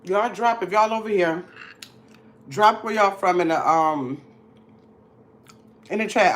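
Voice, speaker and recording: A woman's voice: mid-range voice, takes it slowly, long pauses. A woman from Milwaukee hosts a casual livestream from home. She talks straight to her chat, teasing and chatty, in a mid-range voice. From Milwaukee, Wisconsin. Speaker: livestream host.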